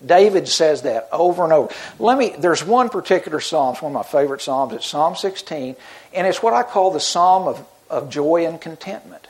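A man's voice: a little high, animated, moderate pace, a little mellow. A middle-aged man preaching a sermon in an earnest, conversational way, often restarting his sentences. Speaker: pastor.

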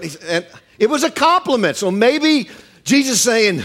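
A middle-aged male pastor preaching a sermon, animated and acting out quoted voices with humor. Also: extremely high pitch, measured pace.

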